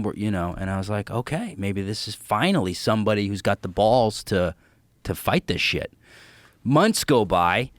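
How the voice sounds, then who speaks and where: Man, comedian guest, low voice, animated storytelling, profane, dry studio sound. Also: dry recording. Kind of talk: casual podcast storytelling.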